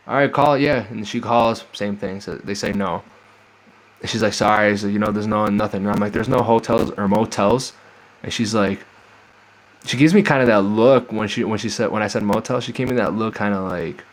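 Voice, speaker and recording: Young man, lowish voice, casual rambling storytelling, swears a lot, acts out dialogue. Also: steady tone, brisk, low-quality recording. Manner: rambling, profane, acts out the voices of people he met. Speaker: vlogger telling a travel story.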